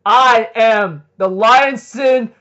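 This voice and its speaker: A man retelling the lines of an arrogant, boastful male warrior in a slow, proud way. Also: extremely high pitch, pushed and bright, heavily acted. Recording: dull lo-fi recording.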